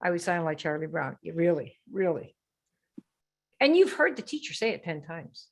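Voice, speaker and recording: A woman's voice: on the low side, sing-song, moderate pace, gravelly. A woman hosting a live sales training stream, brash and teasing as she quizzes her viewers. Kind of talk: lively live-stream coaching.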